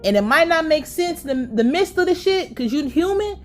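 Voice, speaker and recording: Animated, foul-mouthed woman recapping TV. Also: sits high, normal speed, faint music behind. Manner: blunt, profane and animated. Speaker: TV recap vlogger. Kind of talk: casual TV episode recap.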